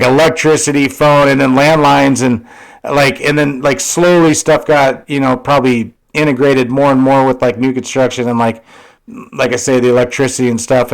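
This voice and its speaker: A man's voice: medium pitch, low-quality recording. A man in his forties co-hosting a podcast, rambling in casual chat with lots of fillers and swearing. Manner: rambling, profane, filler-heavy. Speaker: podcast co-host.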